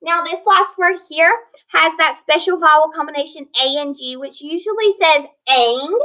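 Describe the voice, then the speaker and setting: Bright, high-voiced woman teaching phonics. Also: rough recording. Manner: slow, clear modeling of word sounds with praise and prompts. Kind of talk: recorded phonics lesson for young students.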